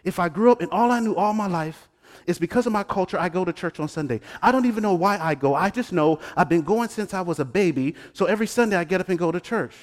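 High-voiced preacher in a reverberant hall. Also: male voice, fast talker. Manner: animated, swings between hushed asides and loud exclamations; talks straight to the congregation, joking and teasing. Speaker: pastor. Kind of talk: sermon. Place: church sanctuary.

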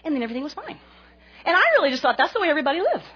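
A woman in her forties preaching a sermon to a congregation, an animated and self-mocking storyteller. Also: high voice, racing, dull audio. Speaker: pastor's wife speaking to a congregation.

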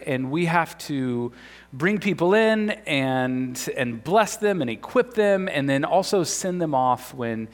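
A man preaching in a church hall with a fairly high voice, earnest, rising loud then dropping to a hush. His words ring out with a long reverb in the large room. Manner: earnest, swinging between loud and soft. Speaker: pastor. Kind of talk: sermon.

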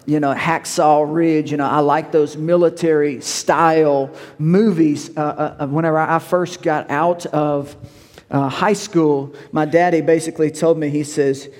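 A man's voice: on the high side, fairly even intonation, unhurried, big-room sound. A male pastor, preaching a sermon in a folksy, conversational storytelling way.

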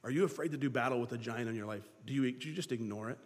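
A man preaching a sermon, lively, acting out the voices of biblical figures to his congregation. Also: medium pitch, rapid-fire, big-room sound. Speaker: pastor.

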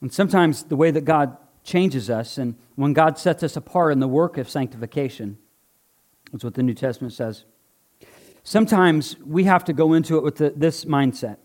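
A male pastor preaches to his congregation in a warm, conversational tone. His voice sits a little higher than most men's. He moves between earnest exhortation and light joking with the people in front of him. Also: moderate pace. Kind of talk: sermon with live object lesson. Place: church before a congregation.

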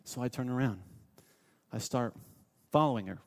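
A man preaching a sermon as pastor, telling stories and moving between loud urging and hushed asides. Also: mid-range voice, normal speed, in a large hall.

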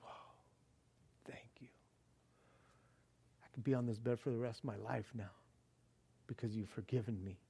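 A man voicing a paralyzed man who quietly thanks someone for forgiveness, murmuring low and hurried. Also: fairly even intonation, creaky, husky. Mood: awed.

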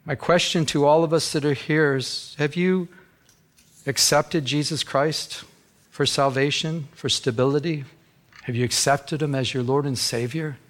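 A man's voice: a little high, a little slow. Earnest middle-aged male pastor preaching. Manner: earnest, animated storyteller who stammers on "I". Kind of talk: sermon with personal storytelling.

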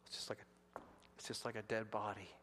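A man's voice: fairly low pitch, brisk, slight background noise. Man preaching in a reverberant hall. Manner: storytelling, rising to loud excited outbursts. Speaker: pastor. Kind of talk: sermon.

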